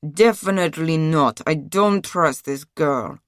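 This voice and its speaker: A woman voicing a distrustful wealthy man in a true-crime audiobook, slow, flat and emphatic. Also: sits low, no room sound, clean studio sound.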